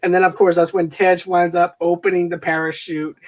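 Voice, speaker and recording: A man with a fairly high voice co-hosting a casual movie review podcast. He jokes around and laughs at his own remarks as he talks through scenes. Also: level tone, a little fast. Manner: laughs often, joking and playful. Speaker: podcast co-host.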